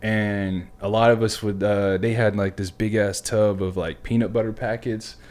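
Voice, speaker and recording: A man's voice: on the low side, flat delivery, normal speed, darkish tone. A man hosting a podcast who tells stories in a casual, easygoing way, swearing freely and calling his guest man and dude. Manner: laid-back, swears freely, says "man" and "dude" often. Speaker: podcast host. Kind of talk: casual storytelling chat.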